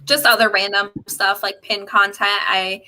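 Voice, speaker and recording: A woman's voice: medium pitch, fairly even intonation, unhurried, pushed and bright, slight background noise, low-quality recording. A young woman, a teacher, chatting as a guest on a livestream, upbeat and giggling between points. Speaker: guest, sixth grade teacher. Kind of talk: casual livestream chat.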